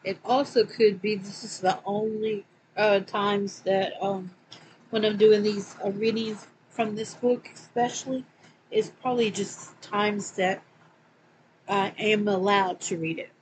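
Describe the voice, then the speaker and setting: A woman with a Southern accent reading a religious book aloud, with hesitant asides and slow, louder scripture quotes. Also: medium pitch, steady tone, a little hiss or hum, poor audio. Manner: hesitant, many fillers, slows and gets louder when quoting scripture. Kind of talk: casual read-aloud with asides. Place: home.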